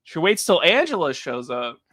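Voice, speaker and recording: A man's voice: on the high side, sing-song, normal speed, a bit bright, no room sound. A man co-hosting a reality TV recap livestream, chatting casually and mimicking people as he retells scenes. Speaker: co-host of a reality TV recap show.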